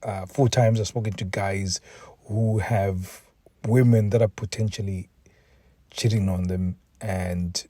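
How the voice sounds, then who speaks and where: A relationship coach hosts a solo podcast, speaking earnestly in a low, steady, mellow voice at a slow pace, with no room sound. He seems mentally exhausted and emotional, sounding drained as he often repeats words and restarts sentences.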